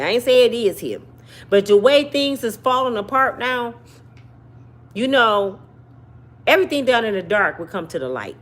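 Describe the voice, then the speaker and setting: Animated woman with a lively pitch. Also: normal speed, long pauses. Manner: animated, talks to viewers directly, repeats and hedges with "allegedly". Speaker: commentary channel host. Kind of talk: casual commentary monologue.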